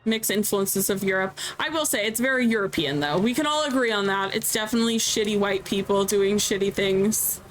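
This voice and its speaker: A woman in her thirties streams a video game, giving casual, candid commentary and reacting aloud as she plays. Her mid-range voice moves a little fast with hardly any pauses. Faint music plays behind her and the audio is poor.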